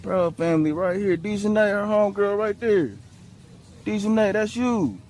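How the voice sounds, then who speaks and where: A man's voice: sits high, normal speed, a little mellow. A man doing street prank banter, teasing and insistent, with playful overexcitement.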